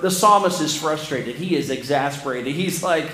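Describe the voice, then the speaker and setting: A man preaching a sermon, reading scripture aloud and rising to near shouts as he presses his points. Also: a little high, normal speed, hardly any pauses, echoey room, long reverb tail.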